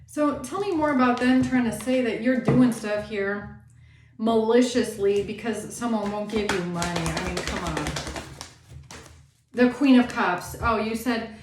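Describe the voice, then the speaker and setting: A woman's voice: on the high side, a little slow, echoey room, slight background noise. A woman tarot reader giving a blunt, indignant reading and swearing freely.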